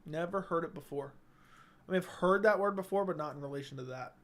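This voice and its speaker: High-voiced young man chatting on stream. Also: fast, a bit bright. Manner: laid-back, reads chat aloud, joking. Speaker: livestream host. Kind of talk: casual livestream chat. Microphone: studio dynamic mic.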